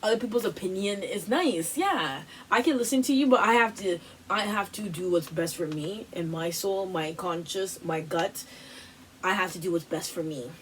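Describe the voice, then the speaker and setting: A woman talks through a casual motivational workshop, animated and repetitive, her phrasing full of "like" and "you know". She sits a little back from the mic. Faint ambient noise hums behind her. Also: lowish voice, normal speed, distant mic, rough recording. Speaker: host of a wellness workshop.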